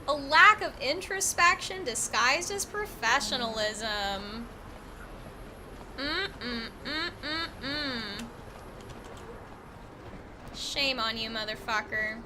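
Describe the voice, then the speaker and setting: Slow-talking high-voiced woman streamer. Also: lively intonation, sharp tone, slight background noise. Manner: profane, frank, laughs often. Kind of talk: casual gameplay commentary.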